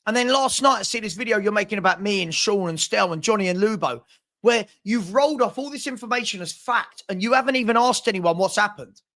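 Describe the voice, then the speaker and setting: A man's voice: sits high, fairly quick, bright, forceful tone. A man hosting a fan chat show, venting in frustration, repeating himself with stammering restarts. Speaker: fan channel host. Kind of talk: heated live chat.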